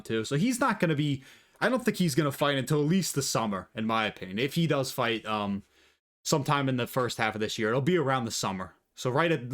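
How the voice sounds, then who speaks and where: A man's voice: medium pitch, fairly bright tone. A man talking casually and profanely through his predictions, rambling and opinionated, on a desk mic. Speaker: MMA commentator vlogger.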